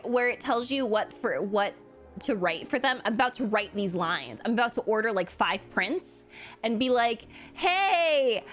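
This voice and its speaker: A young woman streams a game live, reacting loudly and swearing at what happens on screen. Her voice sits high and leaps all over the place as she exclaims. Faint game music runs underneath. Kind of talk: live gameplay commentary.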